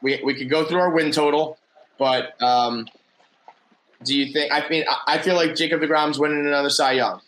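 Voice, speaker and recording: A man's voice: a little high, steady tone, moderate pace, fairly bright tone, rough recording. A middle-aged man co-hosting a casual sports podcast, rambling with restarts and easy laughter. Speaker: podcast co-host.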